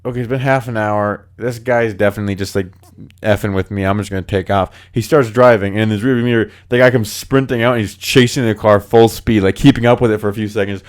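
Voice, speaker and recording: A man's voice: fairly low pitch, fairly even intonation, fast. A man hosting a podcast, telling spooky stories in casual chat, acting out the voices of people in them and using lots of filler words. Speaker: podcast host.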